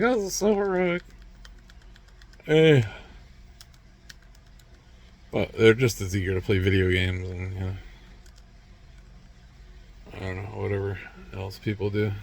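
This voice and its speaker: A man's voice: fairly low pitch, creaky. Rambling sardonic man talking alone. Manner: rambling and sardonic, with grunts and muttered asides. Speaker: vlogger. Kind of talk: rambling solo monologue.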